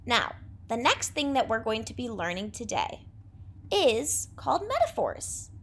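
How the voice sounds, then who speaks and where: A young adult woman teacher giving a remote class lesson, speaking clearly and patiently with an encouraging delivery. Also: a little high, big pitch swings, unhurried, fairly bright tone.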